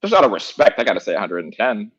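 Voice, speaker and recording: A man's voice: fairly low pitch, big pitch swings, quick pace, lo-fi sound, heavy background noise. A man playing as a contestant in a casual online quiz, talking over a video call with slangy, laughing banter. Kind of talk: casual chat.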